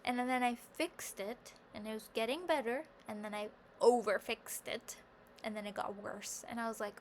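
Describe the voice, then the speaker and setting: A woman in a casual vlog monologue, a bit higher-voiced than most, rambling through her thoughts with a steady stream of "like." She turns lively whenever she acts out her own inner voice. A faint hum of room ambience sits behind her. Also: normal speed. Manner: rambling and self-reflective, heavy use of "like"; animated when quoting her own thoughts. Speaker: vlogger.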